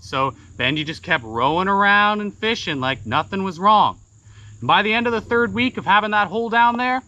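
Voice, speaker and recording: Man, folksy tall-tale teller, slightly high and bright voice, loose rambling delivery packed with fillers. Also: highs cut off. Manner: casual, rambling, many fillers. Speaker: storyteller.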